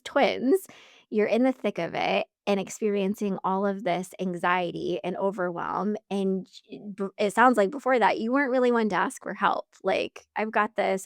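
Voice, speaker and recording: A woman's voice: mid-range voice, gravelly, dry recording, clean studio sound. A woman hosting an interview, who asks supportive follow-up questions and reflects back what her guest says. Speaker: podcast host.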